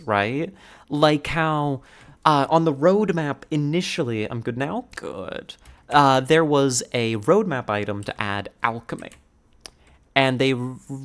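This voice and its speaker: Excitable rambling male streamer. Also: mid-range voice. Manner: rambling, excited, swears casually. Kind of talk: casual live-stream chat.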